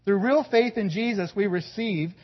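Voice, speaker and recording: Male pastor, high-ish voice, earnest sermon delivery, dull recording. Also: moderate pace. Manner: earnest preaching, drops to a quiet low voice for emphasis.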